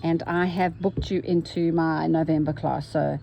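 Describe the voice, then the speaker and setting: Woman, embroidery vlogger, low gravelly voice, warm and mellow, chatty, faint background hiss. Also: fairly even intonation, moderate pace, muffled recording. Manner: cheerful, talks to herself while stitching. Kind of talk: chatty stitching vlog narration.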